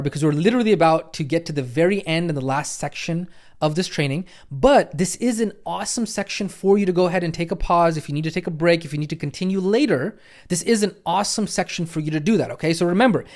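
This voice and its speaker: A man teaching a recorded online nutrition course as coach, energetic and chatty, often checking in with "okay?" and "right?". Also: fairly high pitch. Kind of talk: recorded online training lesson.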